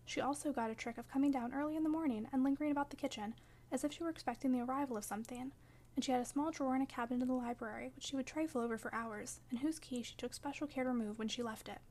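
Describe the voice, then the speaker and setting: High-voiced woman reading a classic novel. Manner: measured, expressive first-person storytelling. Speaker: audiobook narrator. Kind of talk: audiobook narration of a classic novel.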